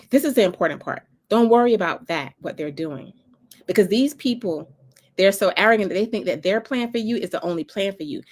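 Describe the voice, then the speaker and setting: Emphatic Southern woman preaching encouragement. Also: mid-range voice. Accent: North Carolina Southern. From North Carolina. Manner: emphatic, repeats phrases in a preaching cadence. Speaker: motivational speaker and author. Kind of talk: inspirational faith talk.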